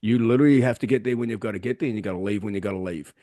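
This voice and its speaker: A man's voice: on the low side, racing, mellow, dry recording, clean studio sound. A man co-hosting a podcast and talking as a gym trainer in casual motivational chat, blunt, emphatic and full of swearing. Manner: blunt, heavily profane, emphatic.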